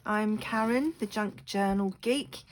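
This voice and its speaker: A woman's voice: medium pitch, unhurried, slight background noise, poor audio. Chatty woman with a lingering cough. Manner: chatty, apologetic, many ums. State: recovering from a cough. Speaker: crafting vlogger. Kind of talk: casual chat. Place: home craft room.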